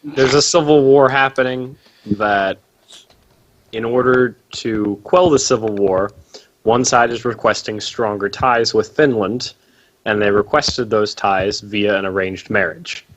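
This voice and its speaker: A man at a tabletop game explains things calmly and in a measured way. His voice sits fairly low. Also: muffled recording. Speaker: player. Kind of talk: in-character tabletop game talk.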